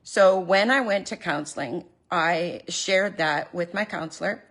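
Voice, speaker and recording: A woman's voice: on the low side, measured pace, fairly bright tone. A woman speaking earnestly and openly emotional in a personal confessional vlog, recorded at home in her living room. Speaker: vlogger.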